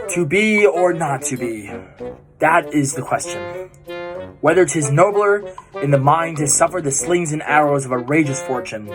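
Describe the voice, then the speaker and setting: Young man reciting Shakespeare confidently. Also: a little high.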